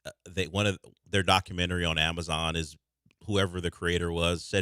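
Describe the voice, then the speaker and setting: A man's voice: sits low, little pitch movement, fairly quick, sharp tone, clean tone, dry recording, clean studio sound. A man hosting a sports radio show, talking casually and rambling with restarts. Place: radio studio.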